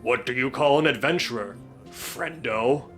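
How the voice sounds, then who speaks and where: A man's voice: mid-range voice, measured pace, a bit bright, faint music behind, lightly acted. A man voicing a small male bird creature that mimics voices, speaking in clipped, borrowed phrases. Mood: curt.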